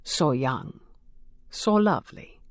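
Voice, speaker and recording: A woman's voice: deep voice, lively intonation, dry recording. Dorian Vadim, woman doing a silky menacing man. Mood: cool. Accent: trace of Eastern European. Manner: smooth, unhurried, quietly mocking. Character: suave menacing male club owner, cold charm.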